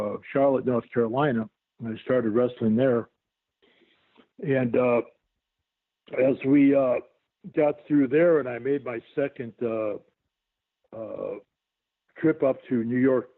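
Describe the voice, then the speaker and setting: An older man, a guest on an interview, tells a long rambling story full of fillers and restarts. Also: mid-range voice. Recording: tinny dry phone line.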